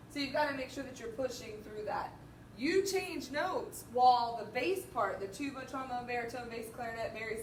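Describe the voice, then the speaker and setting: A woman teaching a band lesson, counting beats out loud and singing the rhythms as she walks through the parts. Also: on the high side. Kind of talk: music lesson walkthrough. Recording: roomy, distant mic, faint noise.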